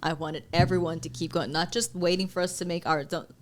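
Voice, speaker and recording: A woman co-hosting a casual podcast about filmmaking, with a somewhat low voice. She talks in animated, rambling stories, quoting herself and others as she goes, with plenty of fillers and restarts. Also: a little fast, slight background noise. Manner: animated storytelling with many fillers and quoted asides. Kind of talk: casual chat.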